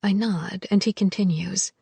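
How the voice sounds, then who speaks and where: A woman narrating a first-person romance audiobook in a soft, hushed, intimate way. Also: mid-range voice, steady tone, moderate pace, vocal fry, breathy edge, no echo.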